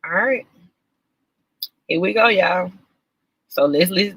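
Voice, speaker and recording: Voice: mid-range voice, slow, fairly bright tone, slightly rough, poor audio. A chatty, reactive co-host on a live stream.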